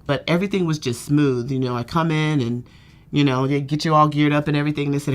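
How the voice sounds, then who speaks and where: A woman's voice: deep voice, fairly even intonation, fast talker. A woman patient telling her treatment story candidly, with lots of "you know" fillers. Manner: self-described dramatic storyteller. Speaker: patient giving a testimonial. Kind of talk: candid testimonial interview.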